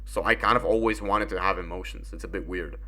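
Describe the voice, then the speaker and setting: A man's voice: deep voice, fairly even intonation, fast, bright, forceful tone. A young man giving rambling, casual commentary while gaming, full of fillers and swearing.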